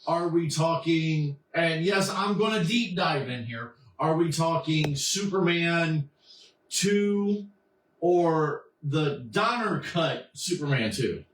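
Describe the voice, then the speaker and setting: A man's voice: fairly high pitch, lively intonation, slow pace, slight background noise. Eager man speaking in a roomy room. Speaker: podcast co-host. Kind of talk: casual chat. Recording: roomy sound from a distant mic.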